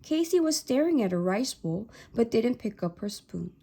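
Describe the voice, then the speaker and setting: Gravelly-voiced woman reading a novel aloud. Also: on the high side, sing-song, normal speed, mellow. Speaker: reader of a novel.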